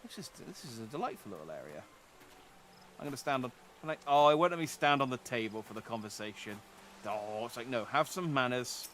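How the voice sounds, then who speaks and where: A man's voice: mid-range voice, animated, a little fast, a bit bright, a little hiss or hum. A man streaming as a VTuber, chatting casually through a game and often correcting himself mid-sentence. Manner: rambling, self-correcting, chatty. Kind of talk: casual gameplay commentary.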